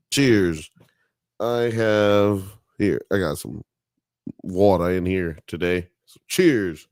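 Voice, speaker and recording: A man's voice: sits low, slow, a little mellow, no room sound, studio quality. A man hosting a podcast live stream, chatting casually in a profane, joking, rambling way. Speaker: podcast host.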